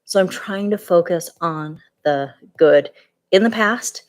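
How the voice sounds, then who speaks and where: Tired woman in her 40s, lowish voice, rambling vlog update with lots of ums. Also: takes it slowly. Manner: candid, rambling, many fillers and restarts. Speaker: vlogger.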